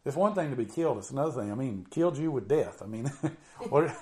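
A middle-aged man preaching an informal sermon in a conversational way, with drawn-out emphasis and many "you know"s. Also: mid-range voice, animated.

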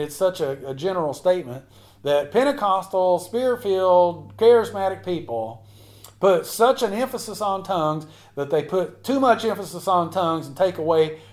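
A man preaching a sermon as a pastor, building up to emphatic repeated lines. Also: a little high.

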